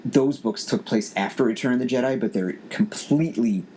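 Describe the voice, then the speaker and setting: A man in his forties hosts a casual podcast, speaking a little fast in a mid-range voice with a darkish tone. He rambles, restarting often as he thinks aloud, over faint background noise.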